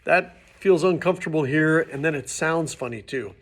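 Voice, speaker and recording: A man teaching beginning trumpet, his voice sitting a little higher than most men's. He explains patiently and casually, now and then restarting a phrase as he demonstrates. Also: normal speed, fairly bright tone. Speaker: music teacher. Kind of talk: instructional demonstration.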